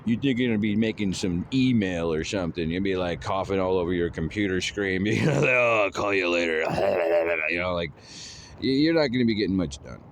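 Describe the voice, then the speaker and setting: A man's voice: low voice, brisk, a little hiss or hum. A man rambling in a casual monologue, drawling with lots of fillers like "you know" and "man".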